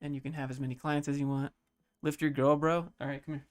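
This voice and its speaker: On a relaxed livestream, a thirties-aged man reads out questions from chat and responds in an easygoing, mellow manner. His delivery is flat and his pace is quick.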